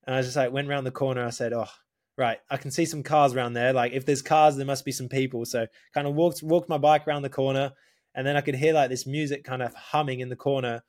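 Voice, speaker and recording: Lively man telling a story. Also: mid-range voice, quick pace. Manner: lively, laughing, swears, quotes people. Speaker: podcast guest, racer. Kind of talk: casual storytelling.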